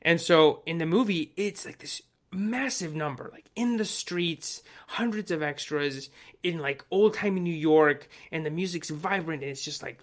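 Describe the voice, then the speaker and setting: A man co-hosting a podcast, chatting casually and rambling excitedly with many fillers and restarts. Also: fairly high pitch, normal speed. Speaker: podcast co-host. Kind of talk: casual chat.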